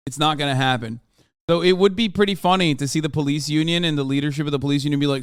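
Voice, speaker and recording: A man's voice: a little high, fast, smooth, dry recording. Man, streamer host, sardonic and profane, casual reaction talk, dry close sound. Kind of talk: casual political reaction commentary.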